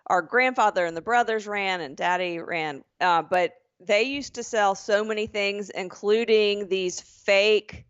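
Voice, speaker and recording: A woman co-hosting a podcast in casual chat, trading quick, joking banter and laughing often. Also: mid-range voice, smooth, no echo, lo-fi sound. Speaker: podcast co-host.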